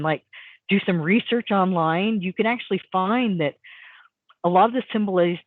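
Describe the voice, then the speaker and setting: A woman's voice: fairly low pitch, no room sound. Woman telling a story over a tinny phone line. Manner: rambling, animated storytelling with many fillers. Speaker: guest, hypnotist. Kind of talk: casual storytelling on a call.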